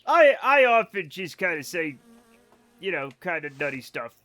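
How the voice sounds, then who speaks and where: A man streaming a game live, chatting casually to his viewers in a rambling, self-mocking way with sudden excited outbursts. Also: sits high, moderate pace. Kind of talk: casual gameplay commentary to chat.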